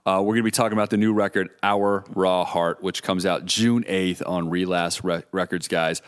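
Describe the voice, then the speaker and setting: A man's voice: low voice, steady tone, normal speed. Rambling laid-back male podcast host. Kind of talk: casual chat.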